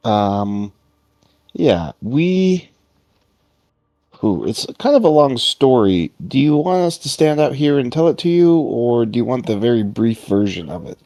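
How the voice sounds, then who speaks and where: A man's voice: medium pitch, very animated, measured pace, warm tone, no room sound. A man playing a tabletop game, talking casually in a hesitant, questioning way. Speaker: player.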